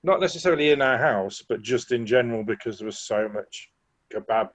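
A man's voice: mid-range voice, animated, a little fast. A man from England co-hosting a podcast, telling a rambling story with chuckles and restarts. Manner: rambling, self-correcting, chuckling. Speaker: podcast co-host. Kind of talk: casual chat, storytelling.

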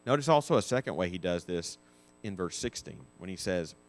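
A man's voice: sits low, animated, fairly quick. A man teaching a Sunday school class, explaining Bible verses with frequent restarts and self-corrections.

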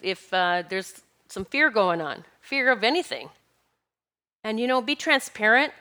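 A woman's voice: mid-range voice, sharp tone. A middle-aged woman giving an earnest, encouraging spiritual talk with emphatic, repeated phrases. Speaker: spiritual teacher.

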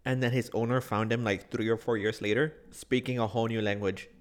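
A man co-hosting a podcast, chatting casually with playful, deadpan teasing. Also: medium pitch, brisk. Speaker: podcast co-host. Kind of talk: casual chat.

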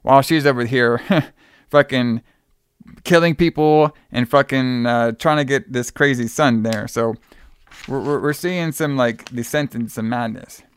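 A man's voice: medium pitch, measured pace, clean tone, dry recording. A man casually recapping a film scene by scene, rambling with lots of fillers and swearing. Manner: rambling, filler-heavy retelling with frequent swearing. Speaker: podcast co-host recapping a film. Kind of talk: casual chat.

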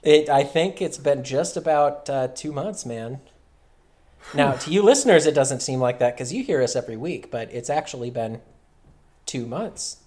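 A man's voice: mid-range voice, moderate pace, darkish tone. Rambling, swearing male podcast co-host. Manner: rambling, loose, swears freely. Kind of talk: casual podcast chat.

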